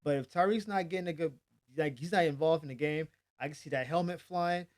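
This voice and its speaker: A man hosting a daily sports news channel, chatting casually and animatedly, acting out quotes with hype shouts. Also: fairly high pitch, fairly quick.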